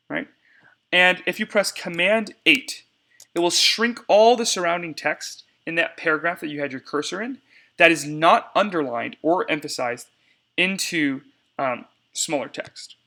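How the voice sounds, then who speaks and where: A man's voice: a little high, normal speed, bright, forceful tone. A young man giving a casual step-by-step screencast tutorial on cutting debate cards, talking to viewers as y'all.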